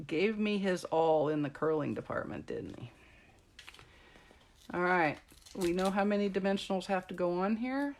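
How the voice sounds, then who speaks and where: A woman's voice: on the low side, darkish tone, a little hiss or hum. A middle-aged woman chatting and joking with viewers while she shows how to make a card. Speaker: card-making demonstrator. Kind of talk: live-streamed craft tutorial chat.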